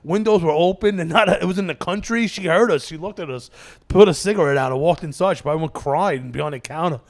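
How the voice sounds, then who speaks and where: Brief: male comedian host, fairly high voice, worn out, swearing constantly, digressive storyteller. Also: fast talker. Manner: laughs at his own stories. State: tired, running on fumes. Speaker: comedian hosting his own show. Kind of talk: rambling casual monologue.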